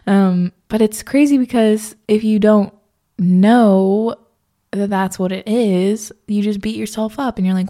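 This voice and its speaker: A woman's voice: mid-range voice, fairly even intonation, measured pace, mellow. A woman vlogger talking in a rambling, candid casual chat, full of fillers and swearing.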